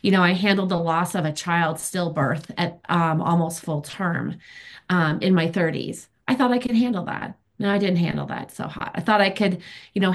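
Woman in her fifties, candid and emphatic recovery share, chatty with fillers. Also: lowish voice. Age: 50s. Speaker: recovery meeting speaker.

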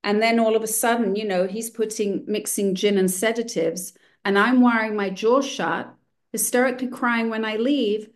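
A woman's voice: on the high side, steady tone, normal speed. Woman, recovery-meeting speaker, candid, dry self-deprecating humor. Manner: candid, wry and self-mocking. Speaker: speaker sharing a recovery story. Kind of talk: personal testimony at a recovery meeting.

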